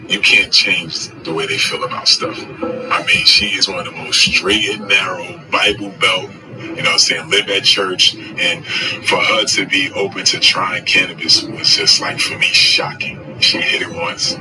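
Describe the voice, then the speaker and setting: Athlete guy telling a story, lively slangy delivery, lowish voice, music behind him, bit far off. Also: a little slow. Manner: animated, casual slang. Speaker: professional athlete. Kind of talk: storytelling interview.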